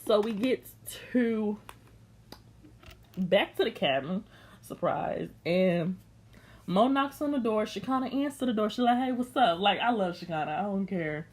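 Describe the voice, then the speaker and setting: A woman's voice: mid-range voice, expressive, measured pace, a little mellow. A young woman recapping a reality show in blunt, slangy, sassy chat, unscripted.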